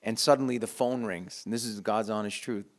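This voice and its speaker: A middle-aged man telling a heartfelt story in a casual, halting way, with frequent restarts. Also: fairly low pitch. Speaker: guitarist sharing a memory.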